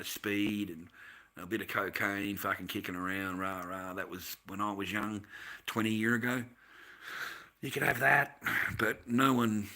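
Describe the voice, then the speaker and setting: A man's voice: on the low side, bright, forceful tone. A middle-aged man, telling long, loose stories on a livestream with plenty of swearing and slang. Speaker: livestream host. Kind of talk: rambling casual storytelling.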